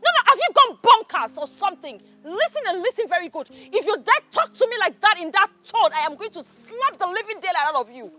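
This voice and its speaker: A Nigerian actress playing a proud, quick-tempered noblewoman who scolds sharply. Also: extremely high pitch, big pitch swings, bright, forceful tone, soft background music, full character voice. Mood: furious. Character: haughty hot-tempered young noblewoman. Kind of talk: Nollywood drama acting.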